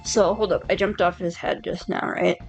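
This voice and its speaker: A woman's voice: fairly low pitch, steady tone, normal speed, dull audio, soft background music. A woman streaming a game live, talking herself through it and swearing freely. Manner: swears freely, talks to herself while playing. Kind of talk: live gameplay chat.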